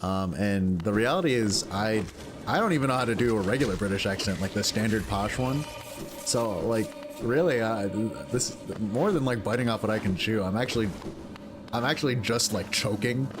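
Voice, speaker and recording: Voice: medium pitch, normal speed. A game streamer chatting casually while playing, rambling and self-deprecating with lots of fillers. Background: music.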